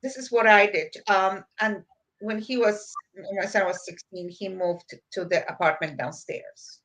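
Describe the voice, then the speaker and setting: A woman's voice: medium pitch, steady tone, measured pace, fairly bright tone. Plain-spoken middle-aged woman. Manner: plain-spoken, advice-giving. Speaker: podcast co-host. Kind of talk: casual chat.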